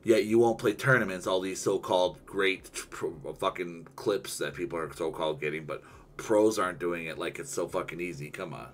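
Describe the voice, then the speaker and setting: A man's voice: sits low, moderate pace, slight background noise. A young man streaming a video game, ranting heatedly and swearing constantly in casual chat with a friend. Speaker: gaming streamer.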